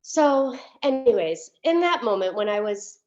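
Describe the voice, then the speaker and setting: Speaking at a measured pace in a slightly high, animated voice, a female minister shares her sermon as an openly personal, conversational story. She uses many fillers and restarts and sometimes nearly cries, and the lo-fi recording sounds dull.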